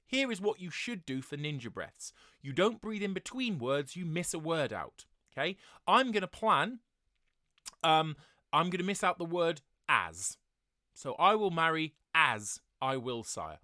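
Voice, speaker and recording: A man with a high, bright voice teaches his choir about breathing and talks slowly, filling the gaps with ums and uhs. His voice is clear and sits dry and close to the mic. The tone is that of a rehearsal tutorial. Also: dry recording. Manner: relaxed explaining with many fillers. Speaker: choir director.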